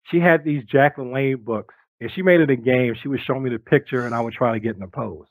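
A man in his forties, a guest on an interview show, telling stories in a lively way and acting out the voices of the people in them. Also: mid-range voice, a little fast, dry recording, low-quality recording. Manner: lively storyteller who acts out quoted voices. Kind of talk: casual storytelling interview.

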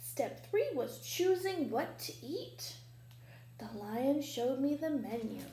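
Woman librarian, children's storytime, playful, slow unhurried pace, echoey library room. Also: high-pitched. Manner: playful, animated, asks children questions. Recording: echoey room, faint ambience.

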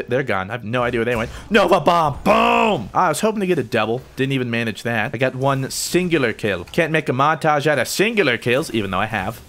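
A man giving excitable live gameplay commentary, joking and trash-talking opponents as he plays. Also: medium pitch. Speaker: gaming channel host.

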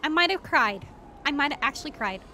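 A woman with a very high, bright voice that swings widely, playing a doctor in a game roleplay. She talks in an excitable, gushing way, often breaking into laughter. A faint hiss sits under her voice. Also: a little fast. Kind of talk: in-character roleplay stream.

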